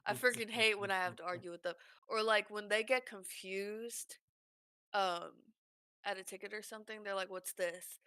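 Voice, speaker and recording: A woman streamer telling work stories in casual chat, animated and swearing freely. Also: medium pitch, normal speed, clean tone, no room sound, studio quality.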